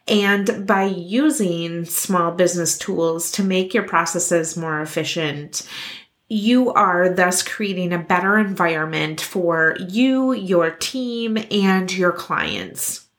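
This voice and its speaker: A woman's voice: on the low side, fairly bright tone. A young adult woman hosting a podcast, giving earnest, encouraging business advice. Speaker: podcast host. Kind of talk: scripted podcast talk.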